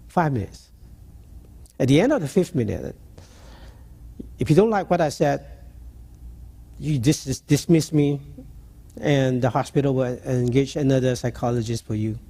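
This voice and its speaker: A man preaching a sermon, telling a story in a halting, earnest way. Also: mid-range voice, gravelly, warm tone.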